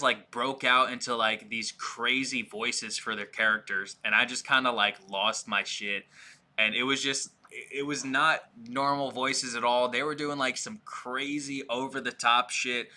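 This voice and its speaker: A man's voice: medium pitch, sharp tone. A man hosting a podcast, telling a rambling, self-deprecating story in casual chat.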